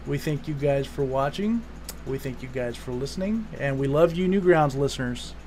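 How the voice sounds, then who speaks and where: A man with an expressive, mid-range, darkish voice hosts a podcast at a normal speed. His talk rambles casually, with swearing and restarts. Slight background noise is audible.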